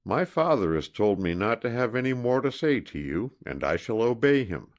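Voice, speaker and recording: A man's voice: mid-range voice, sing-song, normal speed, pitched above the performer's own voice, lightly acted. A man voicing a proud, defiant young woman in an audiobook, speaking coldly and firmly. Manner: cold, firm and indignant. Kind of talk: audiobook character reading.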